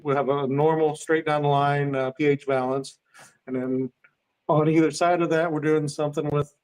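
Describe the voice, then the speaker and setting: A man who is a guest on a podcast, speaking in casual chat about his upcoming detailing products, halting, with many fillers and restarts. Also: fairly high pitch, steady tone, darkish tone, clean tone.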